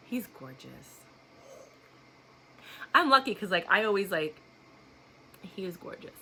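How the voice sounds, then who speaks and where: A blunt, outspoken woman vlogger chats straight to her viewers with a bright, forceful voice. She talks in a loose, casual storytelling way and laughs often. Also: on the low side, expressive, unhurried, pauses often, slight background noise.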